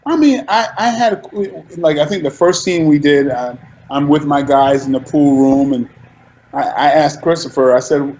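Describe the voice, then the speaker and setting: A man being interviewed, telling animated stories about his work and often restarting his sentences. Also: fairly high pitch, normal speed, dull audio, a little hiss or hum. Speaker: actor interviewed as guest. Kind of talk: casual interview storytelling.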